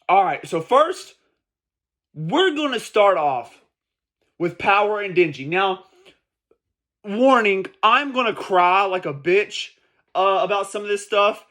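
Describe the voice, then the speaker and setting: Male vlogger, high-pitched, emphatic and profane, casual heated commentary. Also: animated, slow pace, long pauses, pushed and bright. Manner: emphatic, profane, repeats points for stress.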